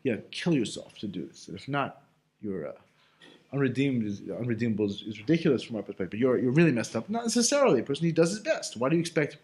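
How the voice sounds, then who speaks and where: Very animated and fast-talking, a man with a medium pitch and darkish tone runs a laid-back Torah class. He rambles conversationally with casual fillers, repeatedly asking himself rhetorical questions.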